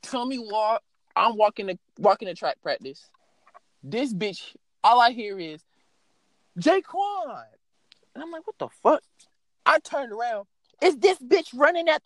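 A young man telling a story in a casual, animated way, swearing freely and filling his speech with "like". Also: extremely high pitch. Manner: animated, profane, lots of fillers.

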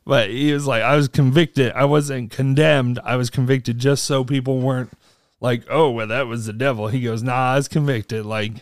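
A podcast co-host tells stories in casual chat at normal speed, recorded in studio quality with no echo. He's animated, acting out quotes with big jumps in pitch.

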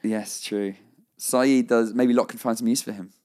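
A man's voice: medium pitch, steady tone, moderate pace, a little mellow. Chatty man gushing over a show. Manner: enthusiastic, rambling, laughs often. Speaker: podcast co-host. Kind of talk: casual chat recapping a TV episode.

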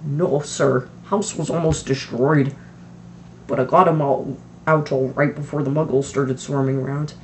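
A teenage reader voicing a big, gentle, rough male giant in an amateur audiobook, loud and humble with rustic phrasing. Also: mid-range voice, fairly even intonation, measured pace, a little hiss or hum, lightly acted.

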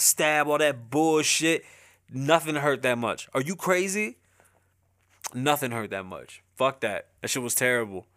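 A man hosting his own show alone, talking casually in street slang with lots of swearing and frequent laughter. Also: a little high. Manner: profane, animated street slang, laughs often. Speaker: podcast host. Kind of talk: solo casual monologue.

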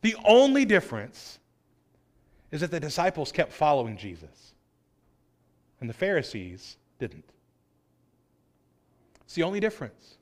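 A man's voice: a little high, sing-song, a little slow, pauses often. A man preaching a sermon in an earnest way, pressing his points with rising emphasis. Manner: earnest, acts out quoted voices, rising emphasis.

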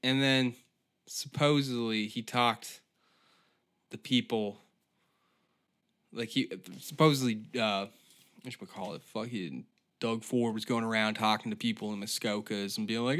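A man's voice: fairly low pitch, steady tone, measured pace, long pauses, fairly bright tone. A man hosting a solo comedic podcast, telling stories in a profane, rambling rant. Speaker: podcast host.

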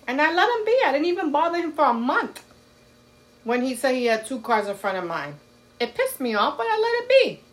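A woman's voice: high voice, big pitch swings, fairly quick. A woman co-hosting a podcast, ranting bluntly and profanely in casual chat. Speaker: podcast co-host.

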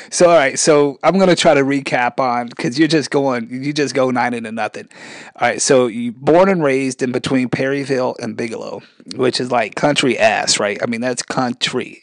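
A male interviewer with a mixed military-brat accent who laughs along and keeps steering the talk back on track. His voice sits at a middle pitch and sounds dry and close, with no echo. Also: normal speed. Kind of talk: comedic interview.

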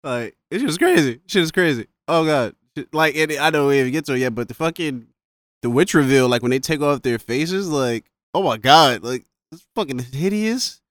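A man talks casually about a film in an excitable, slangy way. He often laughs in disbelief at what he describes. The recording is dry and close. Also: a little high, moderate pace, dry recording. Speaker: podcast co-host discussing a film. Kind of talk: casual chat.

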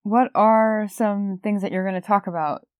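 A woman's voice: mid-range voice, fairly even intonation, moderate pace, clean tone, no room sound, studio quality. A woman co-hosting a podcast in an easygoing way, giving brief replies. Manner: easygoing, brief replies, often laughing softly. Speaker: podcast co-host. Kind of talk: conversational podcast talk.

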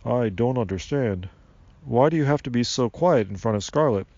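A loud, gruff tree spirit with a face grown from a knot in the bark, as a male storyteller puts him on. He booms and barks his words, then turns playful and kindly. The sound is dry and a little muffled. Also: expressive, normal speed, no room sound. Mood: puzzled.

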